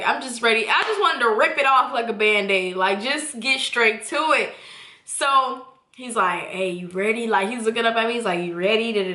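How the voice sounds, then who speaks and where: A young woman in her twenties tells a story straight to camera, candid, animated and full of profanity. Her voice sits a little high and sounds bright and sharp. The room around her is echoey. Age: 20s. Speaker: vlogger. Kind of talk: casual storytime chat.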